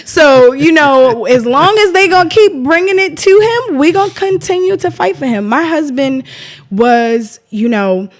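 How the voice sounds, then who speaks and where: A woman's voice: sits high, a little slow. Impassioned woman. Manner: impassioned, defiant, retells others' words. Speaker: guest. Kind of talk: emotional interview.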